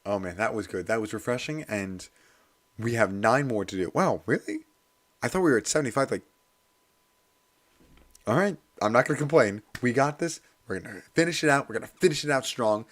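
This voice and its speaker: Hoarse man chatting on a stream. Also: medium pitch, lively intonation, a little fast. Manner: chatty, self-deprecating, laughs often. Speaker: livestreamer. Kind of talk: casual study stream chat.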